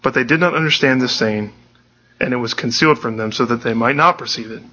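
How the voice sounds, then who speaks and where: A man's voice: mid-range voice, quick pace, pushed and bright, dull audio. A pastor giving a conversational, earnest sermon, often restarting his sentences.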